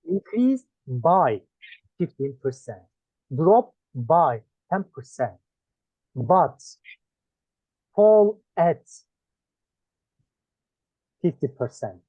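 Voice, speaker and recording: Male Turkish-accented English tutor, lively pitch, dry close sound, drills words one by one. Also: dry recording. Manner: listing words one by one with pauses. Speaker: English teacher. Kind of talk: one-on-one lesson. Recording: dry tinny phone-like sound.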